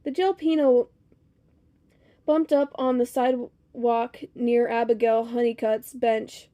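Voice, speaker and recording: A woman reading a novel chapter aloud in a steady storytelling manner, with small slips now and then. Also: a little high, slow. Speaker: reader.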